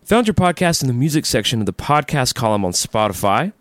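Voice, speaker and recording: Animated man co-hosting a podcast. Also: medium pitch, a little fast, no echo. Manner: lively, enthusiastic, jokey. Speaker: podcast co-host. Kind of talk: casual podcast chat.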